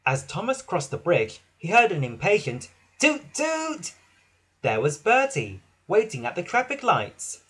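A man narrates a children's storybook in a high, bright voice. His delivery swoops with sing-song expression, and the tone has a slight husky grain. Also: big pitch swings, moderate pace, hardly any pauses.

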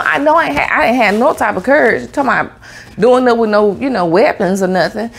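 A woman vlogger telling a personal story to camera in a casual, animated way, laughing often. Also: fairly high pitch, quick pace, vocal fry, slight background noise. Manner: animated, laughs a lot, Southern US slang.

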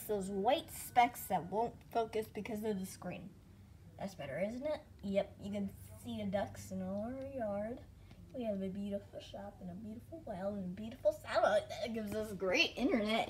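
Chatty, excitable woman. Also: mid-range voice, a little hiss or hum. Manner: chatty and excitable, talking to her dogs, giggling often. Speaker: vlogger giving a home tour. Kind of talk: casual home-tour vlog. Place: rural home, filming out the windows.

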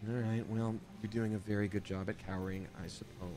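A man's voice: lowish voice, little pitch movement, fairly quick, few pauses, warm tone. A man streaming a video game with casual, playful commentary and silly asides. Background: game music.

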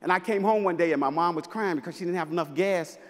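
A high-pitched man speaking live on a festival stage, playful and punchy, with sudden loud bursts for emphasis. His voice rings out with a long hall reverb trailing behind it. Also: fast talker. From Mississippi, US. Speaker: basketball coach giving a talk. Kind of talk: live inspirational stage talk. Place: large festival venue with audience.

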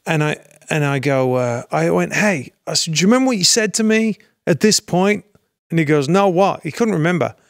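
A middle-aged British man, an actor guest, telling set stories in a casual, animated way. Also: a little high, fairly quick, gravelly, no room sound, studio quality. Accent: British English. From Britain. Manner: animated storyteller, laughs often.

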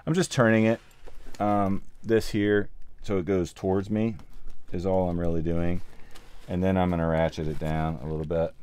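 A man hosting a casual livestream, working as a sound mixer, chats and thinks aloud with many ums while assembling gear and answering viewers. His low, darkish voice is flat and clean at a moderate pace, and he sounds a little out of breath.

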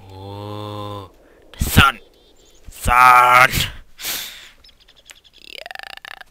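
A young man rambles through a Let's Play in a quiet house, hyperactive and poking fun at himself, breaking into sudden squeals and whispered asides as he casually comments on the game. His voice is lowish, sharp and clean in tone, but the audio quality is poor.

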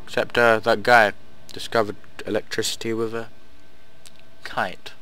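A man's voice: fairly low pitch, level tone, a little slow, sharp tone, soft background music. A young man casually commentating a story game, sarcastic and swearing freely, talking back at the characters on screen. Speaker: gamer playing through a story game. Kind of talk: casual let's-play commentary.

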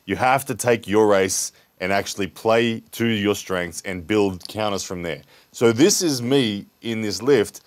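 Low-voiced easygoing podcast host man. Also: lively intonation, a little slow, few pauses, dry recording. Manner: easygoing, laughs often, reads viewer questions. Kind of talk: casual podcast chat. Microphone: podcast microphone.

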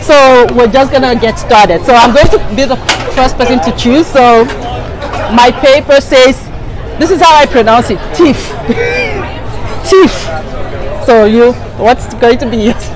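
A woman with a strong Nigerian accent hosts a casual vlog among friends, laughing and teasing as she talks. Her voice sits a little high. Diners chatter loudly around her on a restaurant patio. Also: moderate pace, over music. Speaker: vlogger host. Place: busy outdoor restaurant patio. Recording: noisy crowd around.

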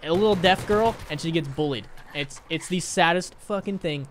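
A man's voice: a little high, moderate pace, slight background noise. A young man chatting on a gaming livestream, rambling and swearing as he retells a sad film and reads out chat donations. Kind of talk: casual live-stream chat.

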